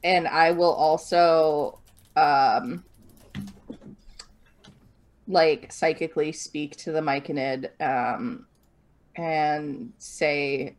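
Woman tabletop player, low voice, unhurried and thoughtful. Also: fairly even intonation. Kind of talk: casual tabletop game chat.

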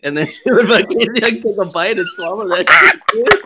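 A young man co-hosting a podcast in casual chat, laid-back and hesitant, often pausing with ums. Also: high voice, huge pitch swings, very noisy. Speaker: podcast co-host.

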